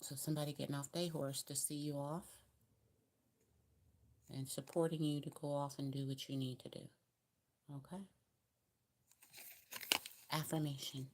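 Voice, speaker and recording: A Southern-accented woman gives a casual tarot card reading, chatty and encouraging, using colloquial grammar and circling back to the same advice. Her low voice has little pitch movement, a moderate pace, and a slightly mellow quality, with faint background noise underneath.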